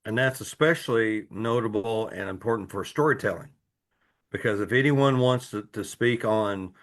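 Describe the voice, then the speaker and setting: A man from Tennessee hosting a group discussion, encouraging and friendly with the participants. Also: on the low side. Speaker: host.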